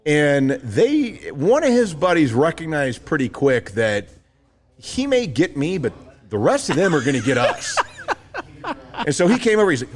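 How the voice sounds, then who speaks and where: A slightly high male voice at normal speed comes from a podcast co-host in his thirties. He shares a story in relaxed conversation, animated throughout, voicing the people in it himself.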